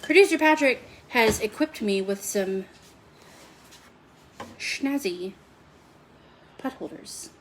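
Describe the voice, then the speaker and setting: A woman's voice: on the high side, lively intonation, slow pace, long pauses, background noise. A woman hosting a chatty live cooking stream from her home kitchen, rambling and talking to viewers by name. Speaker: home cooking livestream host.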